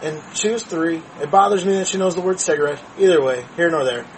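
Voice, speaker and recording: A man in his thirties, a podcast co-host, telling a story in casual chat, profane and animated. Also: on the high side, fast talker, a little hiss or hum, rough recording.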